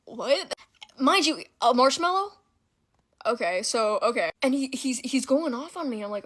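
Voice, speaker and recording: A young woman tells a story from her school days in a casual story-time chat. Her voice sits fairly high, and she talks in an animated way, giggling and turning indignant as she goes. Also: moderate pace.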